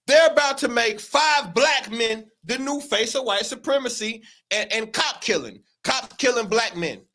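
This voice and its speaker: A man's voice: extremely high pitch, a bit bright. A man hosting a livestream commentary, talking in a heated, profane, emphatic way and often repeating his words. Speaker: show host.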